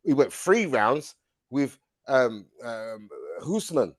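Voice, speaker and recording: A young man, co-hosting a podcast in casual banter, animated and quick to interrupt and repeat himself. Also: medium pitch. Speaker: podcast co-host.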